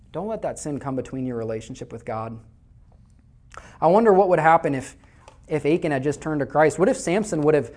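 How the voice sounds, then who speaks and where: A man's voice: fairly high pitch, darkish tone. A man from Iowa preaching a sermon to a congregation, telling stories in a conversational way and often repeating words as he starts a phrase. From Iowa, USA. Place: church before a live congregation.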